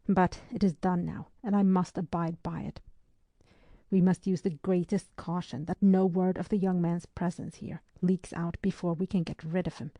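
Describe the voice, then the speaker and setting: A woman's voice: on the low side, level tone, normal speed, dark tone, dry recording. A woman voicing a grim, curt naval captain in an audiobook, speaking in clipped, serious tones. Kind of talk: audiobook character reading.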